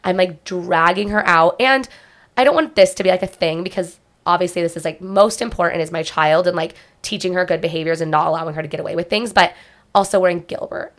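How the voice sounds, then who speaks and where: Fast-talking young woman, low voice. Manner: rambling, filler-heavy storytelling with many "like"s. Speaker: podcast co-host. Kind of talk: casual chat.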